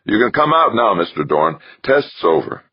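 A man's voice: on the low side, big pitch swings, normal speed, breathy edge, dull audio, pitched above the performer's own voice, exaggerated voice. A man voicing a cheerful, round-faced male chief technician who talks eagerly through a toothy smile, in an audiobook.

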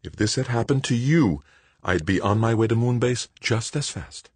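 Brief: male reader as a resolute female executive, raised pitch, insistent. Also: expressive, normal speed, breathy edge, no room sound. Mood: firm. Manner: firm, insistent. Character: determined woman executive, firm and strong-willed.

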